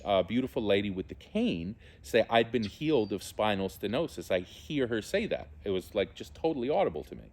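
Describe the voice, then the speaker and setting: A man shares a personal spiritual testimony in a fairly low voice. He speaks earnestly and from the heart, often stopping to search for the right words. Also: a little mellow. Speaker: theologian and musician.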